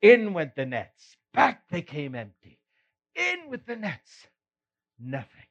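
A man's voice: high-pitched, huge pitch swings, takes it slowly, dull audio, exaggerated voice. A man playing the apostle Peter, a middle-aged fisherman, telling his story in a folksy first-person monologue with frequent chuckles. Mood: animated.

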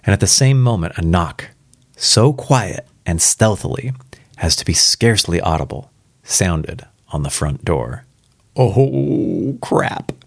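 A man's voice: low-pitched, expressive, a little slow, no echo. Casual man reading a spooky story aloud. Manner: casual, reacts aloud between passages. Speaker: reader. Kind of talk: live first-time story reading.

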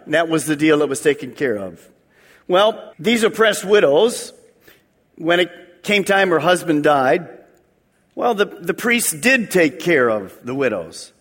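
A man preaching a sermon as pastor, animated, acting out voices and leading call-and-response. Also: fairly high pitch, unhurried. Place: church sanctuary. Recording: long hall reverb.

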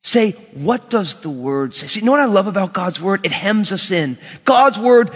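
A man preaching a sermon as pastor, animated and acting out quoted voices. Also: high voice, moderate pace, husky. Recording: long church reverb.

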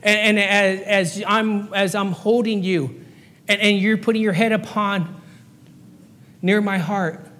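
High-voiced preacher in a reverberant hall. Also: male voice, fairly even intonation, slow pace, fairly bright tone. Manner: earnest, repetitive, acts out little voices for illustration. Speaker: pastor and fire chaplain. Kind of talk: sermon. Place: church sanctuary.

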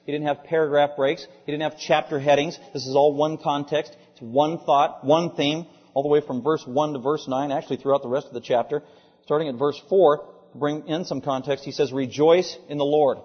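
A man's voice: fairly high pitch, fairly even intonation, brisk, slightly rough. Emphatic preacher man in a reverberant hall. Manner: emphatic, rhetorical questions, repeats lines for stress. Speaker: pastor. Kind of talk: sermon. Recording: dull sound, long hall reverb.

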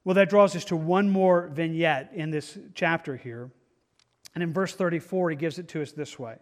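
A man's voice: a little high, moderate pace. A man teaching a Bible study in a conversational way. He is earnest, thinks aloud as he goes, and often restarts his sentences.

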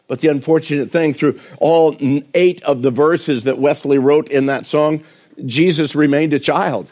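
A male pastor preaching a sermon, earnest and full of questions to his listeners, slowing and softening when he recites hymn lines. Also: on the high side, fairly even intonation.

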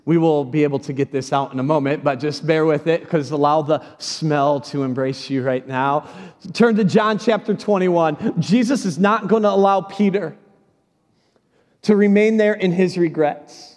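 Pastor type: a high-voiced man, dramatic storyteller, preaching in a reverberant sanctuary. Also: steady tone, normal speed, a little mellow. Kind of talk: sermon. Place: church sanctuary. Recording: large hall reverb.

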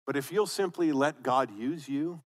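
A man's voice: medium pitch, moderate pace. A man preaching a sermon as pastor, conversational and emphatic, repeating phrases for stress.

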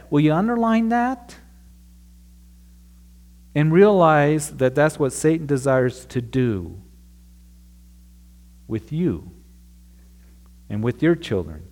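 A man's voice: a little high, lively intonation, unhurried, pauses often, a little mellow. A man preaching a sermon in a church room, reading a passage aloud and then explaining it earnestly to the congregation. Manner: earnest preaching, reads scripture then expounds it. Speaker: pastor.

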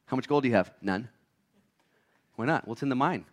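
A man preaching a sermon as a pastor, acting out little voices, swinging between loud shouts and quiet asides. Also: medium pitch, quick pace, pauses often.

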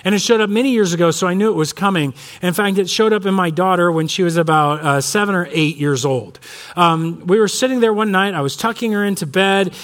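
A male pastor giving a conversational sermon that mixes prayer with personal stories, often pausing on fillers. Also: sits high, a bit bright. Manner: conversational, frequent fillers and restarts. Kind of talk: sermon with storytelling.

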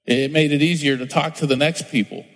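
A man's voice: a little high, fairly even intonation, brisk, fairly bright tone. A middle-aged man preaching a sermon as pastor, conversational and storytelling, acting out quotes in different voices. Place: church sanctuary. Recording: long hall reverb.

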